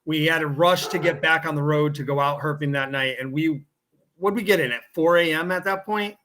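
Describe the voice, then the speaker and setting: A man's voice: a little high, a little fast, sharp tone. A man talking as a guest in casual podcast chat, wry and teasing.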